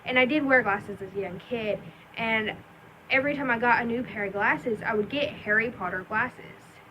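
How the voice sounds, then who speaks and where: A woman's voice: on the high side, moderate pace, sharp tone, slight background noise, rough recording. A young adult woman telling a personal story in a rambling, chatty vlog with many ums and likes. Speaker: vlogger.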